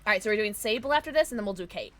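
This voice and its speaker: A woman livestreaming a game from home, chatting excitedly with her viewers and cooing at her pets. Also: mid-range voice, very fast. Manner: bubbly and excitable, greets chat; talks baby talk to her pets. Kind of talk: casual livestream chat while gaming.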